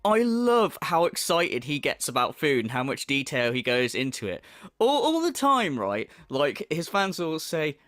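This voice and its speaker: A man's voice: mid-range voice, sing-song, moderate pace, few pauses, fairly bright tone, no echo, studio quality. A man ranting in a mocking, profane reaction commentary. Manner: mocking, sweary rant.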